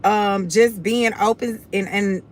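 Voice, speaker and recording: Slow and fairly even in intonation, her mid-range voice carries a Southern Houston accent. The young woman, from Houston, Texas, hosts her own livestream and talks to viewers casually, bluntly and confidently, addressing them as "y'all."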